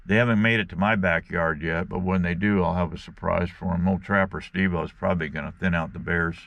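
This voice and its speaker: Outdoors on a bank at his fishing spot, a man vlogs a rambling, folksy story, constantly saying "guys" and "right" to his viewers. His low voice is steady and fairly quick, with vocal fry, and the audio's high end is cut off.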